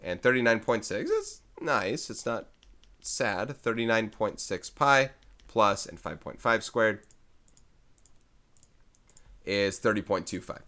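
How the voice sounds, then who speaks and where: A man's voice: on the low side, sing-song, slow pace, long pauses, sharp tone. A man teaching a recorded math lesson in a casual way, thinking aloud and correcting himself as he works through problems.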